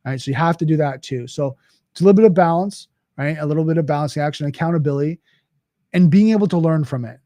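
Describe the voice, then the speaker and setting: Warm-voiced man hosting a podcast. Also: a little high, fast, dry recording. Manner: conversational, with frequent restarts and "right?" asides. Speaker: podcast host. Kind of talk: casual monologue.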